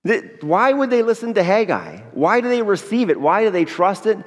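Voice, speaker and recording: A man's voice: high voice, sing-song, normal speed. A man preaching a sermon to his congregation in a church, joking and speaking directly to the people. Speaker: pastor. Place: church sanctuary. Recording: long reverb of a church hall.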